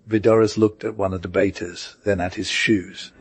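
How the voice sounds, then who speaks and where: Man, audiobook narrator, first-person story, measured reading, husky, dry close sound. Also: lowish voice, fairly even intonation, no room sound.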